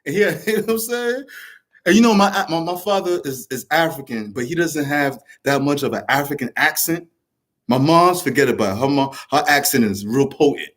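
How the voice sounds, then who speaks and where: A man's voice: fairly high pitch, animated, normal speed. A man talking straight to camera in a passionate, rambling way, swearing often and restarting his sentences. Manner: restarts and repeats words. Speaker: show host. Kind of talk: casual monologue to camera.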